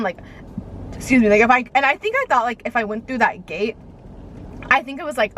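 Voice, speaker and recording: A woman's voice: a little high, quick pace, a bit bright, slight background noise, poor audio. A young woman telling a personal story in a casual, rambling way, full of "like" and "okay?" check-ins.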